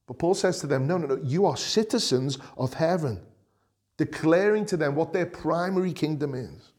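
Scouse preacher with a higher voice. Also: male voice, animated, normal speed. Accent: Liverpool (Scouse). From Liverpool, England. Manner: earnest, repeats phrases for emphasis, swings between raised and hushed delivery. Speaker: pastor. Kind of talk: sermon.

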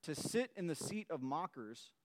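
A middle-aged man, preaching a sermon in a relaxed, conversational way and telling a playful story from his youth. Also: fairly high pitch, normal speed. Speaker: pastor.

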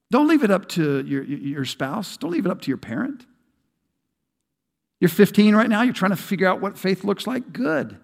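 Middle-aged pastor preaching, kinda high voice, punchy and folksy, big echoey church. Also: male voice, moderate pace, creaky. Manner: emphatic, animated preaching with folksy asides. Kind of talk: sermon. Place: large church sanctuary. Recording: long hall reverb.

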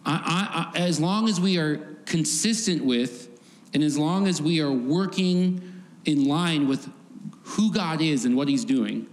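A man's voice: a little high, a little slow. A man giving a conversational sermon, often laughing and acting out voices from the story. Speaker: preacher. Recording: faint background noise, long hall reverb.

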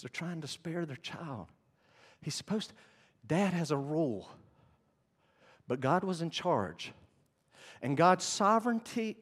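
A man with a drawl preaches in a big sanctuary, his fairly high voice ringing with long reverb. He tells the story with animated swings from hushed asides to loud bursts. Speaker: pastor. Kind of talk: sermon.

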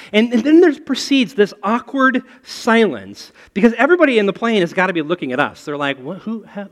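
A man preaching a sermon and telling a personal story in an animated way. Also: sits high. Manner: animated, storytelling with rising excitement. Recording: long hall reverb.

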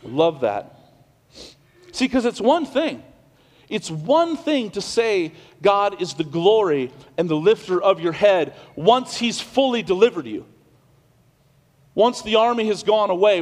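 High-voiced pastor preaching in a reverberant hall. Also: male voice. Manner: preaches with big swings from loud declarations to quiet hushed passages; conversational, with restarts and asides. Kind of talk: sermon. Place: church sanctuary.

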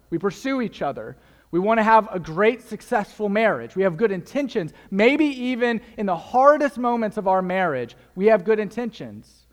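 A young man delivers a sermon as pastor, speaking earnestly and emphatically. He repeats his key phrases for effect, and his fairly high voice rings out with a long reverb through a large church hall.

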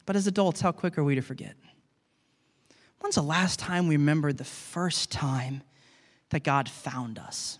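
A man's voice: a little high, takes it slowly, pauses often, fairly bright tone. A man who is a pastor, preaching a sermon in an earnest, conversational way and talking to the congregation as guys. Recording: long reverb of a large hall.

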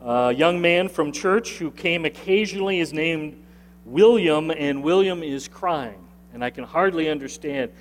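Earnest pastor telling a story in a reverberant hall. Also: male voice, measured pace. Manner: earnest, emphatic storytelling that rises in pitch at key points. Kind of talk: sermon storytelling. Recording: long reverb of a large hall.

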